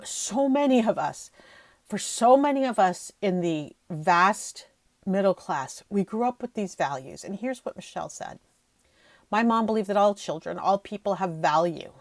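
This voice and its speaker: A woman's voice: mid-range voice, no room sound. A middle-aged woman hosting her own podcast, talking emotionally and rambling, often near tears. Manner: rambling with frequent restarts. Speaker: podcast host. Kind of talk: emotional solo podcast talk.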